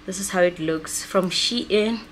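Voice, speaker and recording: Here the South African vlogger talks a little slowly at a medium pitch, with some faint hiss or hum behind her. She keeps it casual and chatty, moving between English and her home language, Sesotho/Setswana, in her South African accent.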